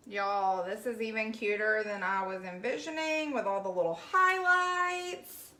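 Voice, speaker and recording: A woman's voice: mid-range voice, measured pace, pushed and bright, echoey room. A woman from Alabama with a Southern accent, chatting casually on a livestream as she paints and answers viewer comments in a folksy way. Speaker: craft livestream host.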